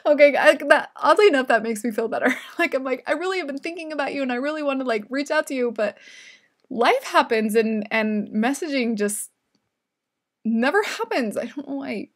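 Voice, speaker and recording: A woman's voice: sits high, expressive, brisk. Chatty giggly woman hosting a livestream. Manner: chatty and giggly, with many fillers. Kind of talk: casual live-stream chat, reading viewer comments aloud.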